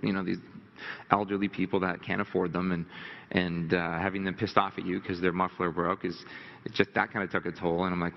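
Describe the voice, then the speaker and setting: A low, gravelly man talks to a live audience as a motivational speaker, rambling and candid and quick to put himself down. His voice rings through a large hall on a dull, lo-fi recording. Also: flat delivery. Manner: candid, rambling, self-deprecating. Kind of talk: storytelling talk to a live audience.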